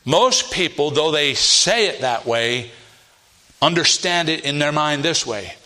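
A man delivers a sermon at an unhurried pace, his voice bright and fairly high for a man. He swings between emphatic, raised stresses and quiet, heavy drops, and reads scripture in old-fashioned wording. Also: expressive. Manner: emphatic, rising to loud stresses and dropping low for weight; reads scripture aloud in King James wording. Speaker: preacher.

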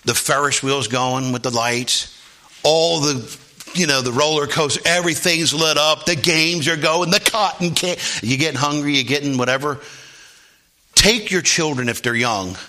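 A male pastor delivering a sermon, swinging between quiet low asides and high, shouted exclamations. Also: normal speed. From Philadelphia area.

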